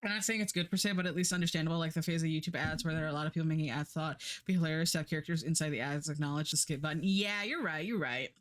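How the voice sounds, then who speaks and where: A woman's voice: low voice, rapid-fire, few pauses. A young adult woman livestreaming, chatting casually in a rambling, sarcastic way with frequent laughter. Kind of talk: casual stream chat.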